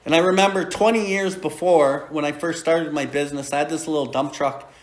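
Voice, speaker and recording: Man, 40s, recovery podcast host; blunt, swearing, laughing storyteller; slightly high voice, echoey room. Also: steady tone, a little fast. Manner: blunt, profane, laughing as he tells it. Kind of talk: casual storytelling.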